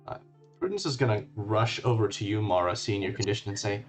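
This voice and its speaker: Man, game master, tabletop game narration, relaxed, fairly low voice, soft music behind. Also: a little fast.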